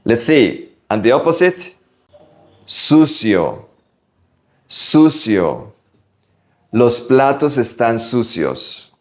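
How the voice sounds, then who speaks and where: A man from Latin America teaching Spanish vocabulary, slowly drilling pronunciation word by word. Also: medium pitch, big pitch swings, a little mellow. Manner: slow, careful pronunciation drills. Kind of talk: vocabulary lesson.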